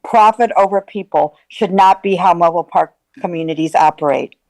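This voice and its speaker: A woman's voice: on the low side, a little fast, darkish tone. A woman giving public comment at a county meeting in a firm, earnest way.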